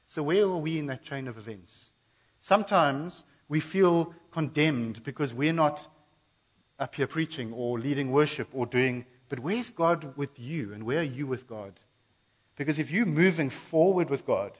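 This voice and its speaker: A man preaching a sermon in a church, animated and acting out the voices of the people he quotes. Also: on the high side, husky.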